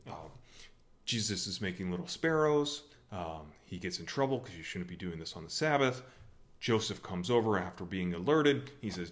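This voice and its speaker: A man from the USA giving a humorous talk on scripture at a church, telling the story in a wry, animated way. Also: low voice, normal speed. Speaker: church speaker.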